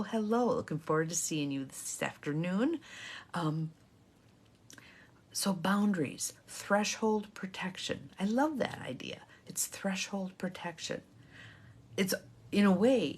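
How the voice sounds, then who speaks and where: Older woman, low voice, casual encouraging life coach talking to viewers. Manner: warm-hearted, encouraging, chatty. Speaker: intuitive guidance coach. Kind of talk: casual motivational talk to live viewers.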